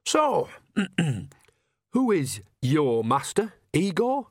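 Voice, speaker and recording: A man's voice: on the high side, sing-song, drawn-out words, no room sound, pitched above the performer's own voice, exaggerated voice. A nosy, cheerful old witch woman, gossiping and coaxing in a folksy storybook voice, as a male reader puts her on. Her voice sits well above the reader's own, in a dry, close recording.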